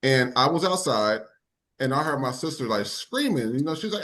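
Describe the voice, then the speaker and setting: A man's voice: a little high, lively intonation, normal speed, a bit bright. A man hosting a podcast, telling a personal story in a casual way and repeating words for emphasis. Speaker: podcast host.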